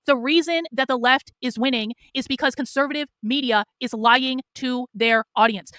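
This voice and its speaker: High, bright, yelling woman commentator. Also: no room sound, studio quality. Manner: yelling, profane, scolding. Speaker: political commentator. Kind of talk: livestream rant.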